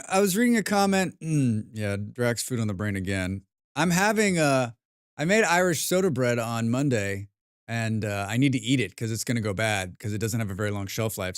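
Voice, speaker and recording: While streaming a game, a man from the United States chats casually, rambling and swearing with self-deprecating remarks. His voice is medium-pitched, captured in a dry, studio-quality recording.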